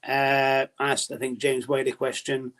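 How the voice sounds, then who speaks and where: A man's voice: mid-range voice, completely flat delivery, normal speed, a bit bright. A man talking as a podcast guest about his darts journalism in a casual, rambling way with many restarts.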